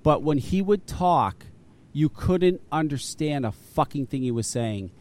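Animated swearing radio host. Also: male voice, fairly high pitch, unhurried. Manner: animated storyteller, swears a lot, laughs often. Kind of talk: casual talk radio chat.

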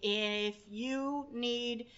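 Speaking extremely slowly in a steady tone, this woman hosts a podcast, bantering in a brash, profane, joking way. Her voice sits a little high, with a bit of brightness and a clean tone, though the podcast audio itself is dull and lo-fi.

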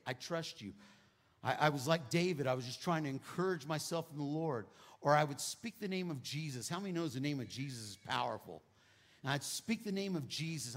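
A middle-aged male pastor preaching a testimony, moving between hushed quoted prayers and loud exclamations. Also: a little high. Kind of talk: sermon testimony.

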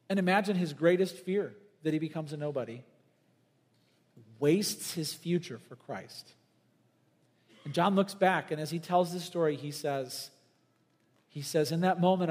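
A man preaches a sermon in a church, his voice sitting high and rising sharply when he presses a point. He swings between loud emphatic bursts and soft, low asides. The sound rings out with a long hall reverb. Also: moderate pace, pauses often. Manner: emphatic preaching with big swings in pitch and volume. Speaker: pastor.

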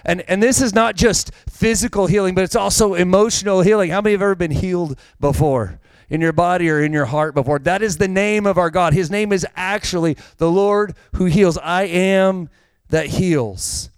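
A man's voice: sits high, moderate pace, clean tone, no echo. A man preaching a sermon, with a casual, conversational manner and direct questions to the congregation. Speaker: pastor.

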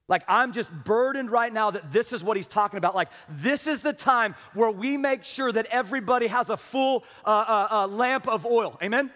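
A man's voice: high voice, expressive, normal speed, bright, forceful tone, in a large hall. A middle-aged male pastor preaching an impassioned, conversational sermon full of rhetorical questions to his church. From small-town upbringing.

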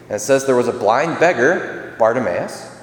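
A man's voice: mid-range voice, animated, moderate pace, slight background noise. A man preaching a sermon in a casual, conversational way, acting out the voices of people in the story. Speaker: priest. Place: church. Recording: echoey church with long reverb.

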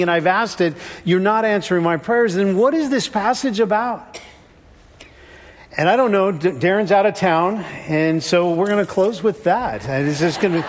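A man preaching a sermon in a conversational way, changing his voice when he quotes others. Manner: conversational, shifts pitch when quoting. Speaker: pastor. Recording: long reverb of a church hall.

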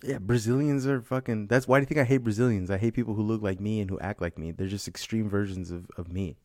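Loud, profane man in comedic banter. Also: lowish voice, steady tone, fast, no room sound, clean studio sound. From Mexico (heritage). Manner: loud, profane, laughing, argumentative. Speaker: podcast co-host. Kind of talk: casual comedic chat.

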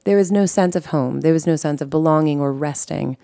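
A woman with a low, deep-set voice tells her own story on a podcast, earnest and emotional, catching and restarting her sentences. The sound is close and dry, with no room around it. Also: vocal fry, dark tone, no echo. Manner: earnest and emotional, with quick self-corrections and restarts. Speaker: guest host telling her life story. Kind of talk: candid personal storytelling on a podcast.

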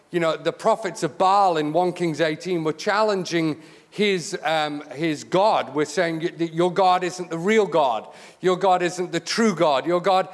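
A man giving a lively, joking sermon in a church, talking conversationally with lots of restarts and asides. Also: high voice. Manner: conversational, joking, many restarts and "you know". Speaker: guest preacher. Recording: long church hall reverb.

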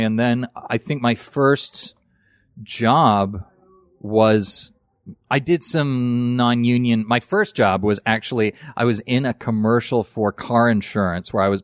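A man's voice: mid-range voice, steady tone, normal speed, no room sound. Dry-sounding man telling his story. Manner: self-deprecating, storytelling with asides. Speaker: podcast guest, actor. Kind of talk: casual interview chat.

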